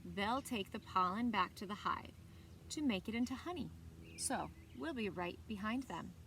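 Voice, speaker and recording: A woman's voice: mid-range voice, lively intonation, moderate pace, recorded from a distance, slight background noise. A woman doing a cheerful grandpa. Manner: warm, encouraging.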